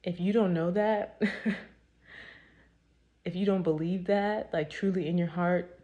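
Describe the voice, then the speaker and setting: A woman's voice: on the low side, steady tone, takes it slowly, dull audio. A woman giving an earnest, emphatic devotional talk, with many filler words. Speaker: faith content creator.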